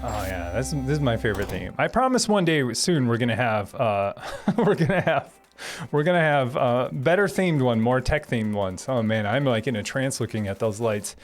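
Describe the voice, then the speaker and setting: A man's voice: medium pitch, lively intonation, normal speed, soft background music. A man hosting a live stream from his home setup, chatting casually, reading viewer comments and thanking them with frequent laughs.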